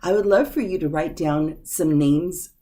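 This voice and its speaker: A woman teaching an English grammar lesson, speaking patiently and deliberately and repeating each example sentence. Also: deep voice, mellow. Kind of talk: slow, clear grammar lesson.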